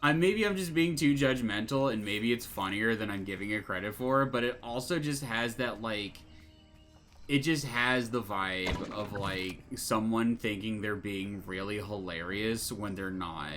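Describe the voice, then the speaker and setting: A man's voice: on the low side, a little slow, a bit bright, faint music behind. A young man giving casual let's-play commentary, rambling, sarcastic and swearing casually.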